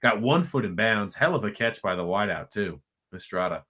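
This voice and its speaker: A man co-hosting a sports watchalong stream, chatting excitedly and emphatically about a football game. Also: lowish voice, normal speed. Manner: excitable, emphatic, with repeated restarts. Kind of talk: casual sports commentary chat.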